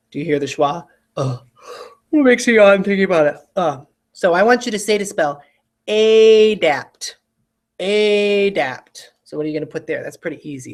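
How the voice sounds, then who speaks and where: An adult spelling teacher records a video lesson in a medium-pitched voice. Each word is said twice, patiently, and the teacher checks in with students along the way.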